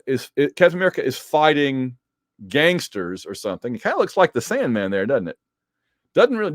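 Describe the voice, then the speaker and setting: A man casually reviewing a comic book issue, animated and digressive, with joking asides. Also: on the high side, no room sound, clean studio sound. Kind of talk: casual commentary.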